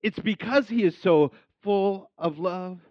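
A man with a high voice preaches in a relaxed, conversational way, full of restarts and self-deprecating asides. His delivery is eager and enthusiastic. The recording is dry and a bit dull, with no room sound. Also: unhurried, no room sound. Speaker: pastor. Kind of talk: sermon.

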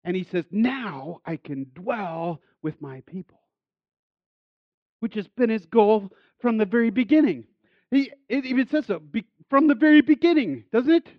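High-voiced man preaching conversationally. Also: no room sound, narrow, tinny audio. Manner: conversational, self-deprecating and enthusiastic with frequent restarts. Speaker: pastor. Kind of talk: sermon.

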